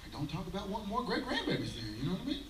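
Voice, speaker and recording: A man in his thirties with a drawl rambles through a self-mocking stand-up set, stumbling over fillers. His voice sits high for a man. It comes across roomy and a bit distant, with a faint hiss underneath. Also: huge pitch swings, racing, a bit bright. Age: 30s. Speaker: stand-up comedian. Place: outdoor daytime comedy show. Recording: roomy live sound from a distance.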